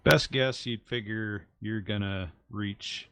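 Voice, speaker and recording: A man running a tabletop game as game master, explaining rules and narrating in a halting way with many fillers. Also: fairly low pitch, a bit bright, smooth, dry recording.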